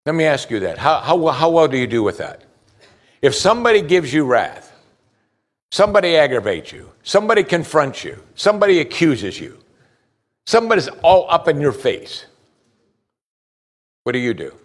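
A man's voice: on the high side, very animated, normal speed, pauses often. Man preaching a sermon, asking pointed questions. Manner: asks the congregation pointed questions; reads scripture aloud between remarks. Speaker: pastor.

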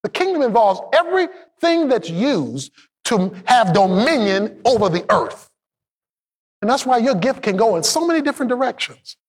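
A man preaching with a high, lively voice that climbs into shouts and then drops low. He calls on the congregation to repeat his words to their neighbors. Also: moderate pace. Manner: emphatic preaching, swinging between shouted peaks and low asides; call-and-response, has the congregation repeat lines. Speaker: pastor. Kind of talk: sermon.

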